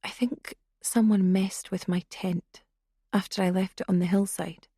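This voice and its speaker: A woman voicing a blunt, wry young woman who talks briskly and matter-of-factly. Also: medium pitch, steady tone, mellow, breathy edge, no echo, clean studio sound.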